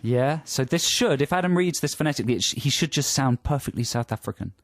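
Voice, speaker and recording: This fast, animated man has a mid-range voice and a dry recording. Co-hosting a relaxed radio conversation in a studio, he reads jokily from an article into a studio mic.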